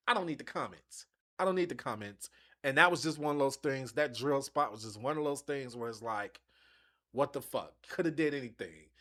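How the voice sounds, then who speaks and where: A man's voice: medium pitch, bright, forceful tone. A man hosting his own wrestling show, ranting bluntly and casually with lots of swearing. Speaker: wrestling commentary host. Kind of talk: casual opinion vlog.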